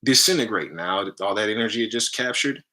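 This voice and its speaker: A man's voice: on the low side, fast, poor audio. A man hosting a spiritual healing live stream, teaching casually in loose fragments and tagging lines with "right?". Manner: energetic, emphatic.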